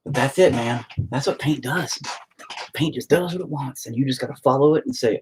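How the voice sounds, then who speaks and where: Livestreaming himself painting at home, a man with a mid-range, slightly breathy voice talks a little fast. His casual chat is rambling, sarcastic and self-deprecating, with plenty of swearing.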